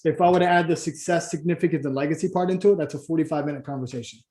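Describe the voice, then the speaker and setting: Casual coaching man, mellow and echoey. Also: on the high side, very fast. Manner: casual, rambling, acts out client dialogue with many restarts. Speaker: Christian business coach. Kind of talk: coaching training session.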